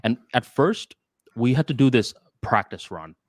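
A man co-hosting a casual podcast, telling a story in an animated way. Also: mid-range voice, normal speed, dry recording, clean studio sound. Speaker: podcast co-host.

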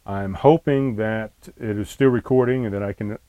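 Recorded on a laptop resting on a tray before him, a man chats casually on his solo podcast from a camper trailer, wandering and annoyed, swearing frequently. He has a fairly low, smooth voice at a moderate pace, and the dry recording sounds phone-quality.

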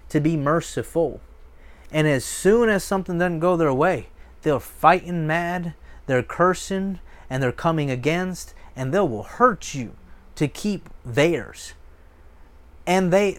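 A pastor preaching a sermon, his voice pitched somewhat high for a man. He talks in an emphatic, repetitive way, hammering phrases home and slipping into lively asides.

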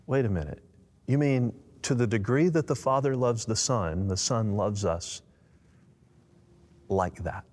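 A man's voice: fairly low pitch, unhurried, a little mellow. A man answering in a preaching style, emphatic and fervent, rising on key words. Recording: long echo.

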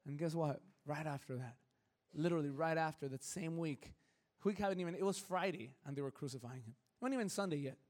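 A fairly high-voiced man preaching a lively sermon in a church, joking with his congregation and slipping into quick quoted voices. His voice rings with a long reverb through the hall. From Southern California. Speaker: pastor. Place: church sanctuary.

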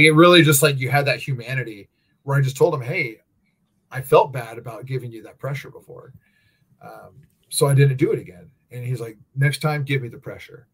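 A man's voice: mid-range voice, breathy edge. Candid, swearing man telling gym stories. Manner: candid storytelling, heavy swearing and fillers. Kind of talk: casual chat.

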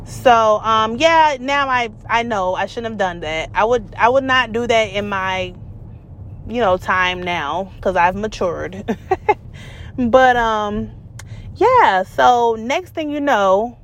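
Lady in her 30s telling a story straight up, slangy and blunt, kinda high pitched. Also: expressive, slow, slight background noise. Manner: candid, blunt, slangy, swears freely. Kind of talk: casual storytelling.

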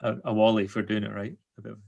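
A Scottish man hosting a casual chat, self-deprecating and quick to laugh. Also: on the low side, level tone, creaky, a little mellow, breathy edge, highs cut off.

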